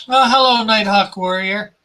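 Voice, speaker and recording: This high, pushed, bright male voice belongs to a comic artist livestreaming as he draws. Chatty and laid-back, he reads out comments from viewers and keeps chuckling.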